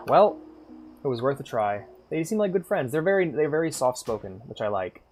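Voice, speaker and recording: A man streaming a game and chatting casually, loud and animated, swearing and laughing as he plays. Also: mid-range voice, a little fast, faint music behind. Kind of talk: casual gaming stream chat.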